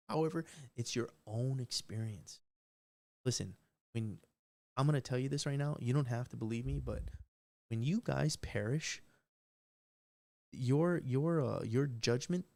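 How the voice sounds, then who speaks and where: A man's voice: medium pitch, gravelly, a little mellow. A man talking live on a stream, rambling and emphatic, swearing often and restarting his sentences. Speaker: livestream host. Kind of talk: unscripted live stream rant.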